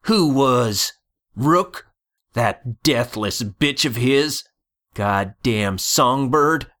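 A man's voice: mid-range voice, expressive, drawn-out words, fairly bright tone, voice pushed up. A man doing a snarling gunslinger hex. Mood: menacing. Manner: snarling, threatening. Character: mean, cocky young male hex gunslinger.

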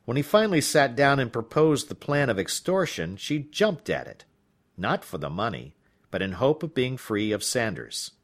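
A man narrating a novel as an audiobook in an expressive storytelling manner. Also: medium pitch, moderate pace.

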